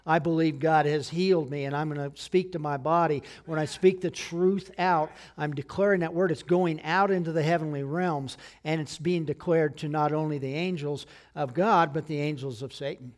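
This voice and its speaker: A middle-aged man, a pastor, preaching a sermon in a conversational way, often checking in with his listeners. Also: a little high. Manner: conversational preaching with frequent "okay?" check-ins.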